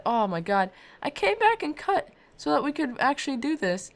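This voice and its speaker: A woman giving casual, rambling commentary over her game footage, self-deprecating and quick to get loud and excited. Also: high-pitched. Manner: rambling, self-deprecating, often says "I don't know"; gets loud and excited when ranting. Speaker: Minecraft let's-player.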